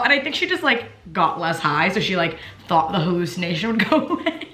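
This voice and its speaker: A young woman chats through her makeup routine in a rambling, filler-heavy way, swearing freely. She talks fast in a bright voice. The sound is a little roomy and echoey. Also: on the low side, very animated, faint music behind. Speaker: beauty vlogger. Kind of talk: casual chat while doing makeup. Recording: roomy echo.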